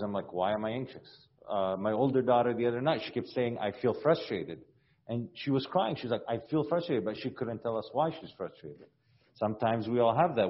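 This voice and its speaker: Man asking in a group, mid-pitched, soft searching tone, dull lo-fi recording. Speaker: group participant asking a question. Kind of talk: group discussion.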